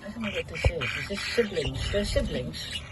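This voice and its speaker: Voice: medium pitch, lively intonation, normal speed. A bird keeper chatting casually in a vlog, coaxing the budgies in a fond baby-talk tone. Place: outdoor aviary on a windy day. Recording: loud wind noise outdoors. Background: budgies chirping.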